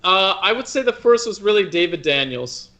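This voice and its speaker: A man's voice: sits high, expressive, moderate pace, pushed and bright. A man in his thirties from the United States, an opera singer as the guest in a conversational interview, talking thoughtfully with many restarts.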